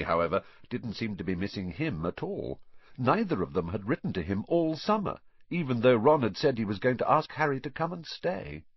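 A man reading a story aloud as an audiobook narrator, with expressive storytelling. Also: fairly low pitch, breathy edge, no room sound, muffled recording. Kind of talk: scripted narration.

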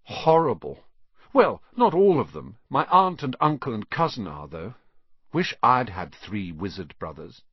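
Earnest young boy, read by a man, husky, raised pitch, lively, plain-spoken, curious, dull dry audio. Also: unhurried, no echo. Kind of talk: audiobook character reading.

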